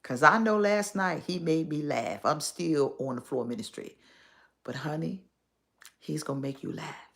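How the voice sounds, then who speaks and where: Low, gravelly woman pastor. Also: lively intonation, unhurried, fairly bright tone. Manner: exhorting, playful, drops suddenly to whispers. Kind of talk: casual church announcements on a live stream.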